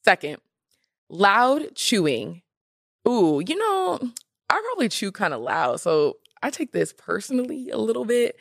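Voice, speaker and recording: A young woman hosting a podcast in casual chat, animated and emphatic with sassy asides. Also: medium pitch, unhurried, vocal fry, no room sound, clean studio sound. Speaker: podcast host.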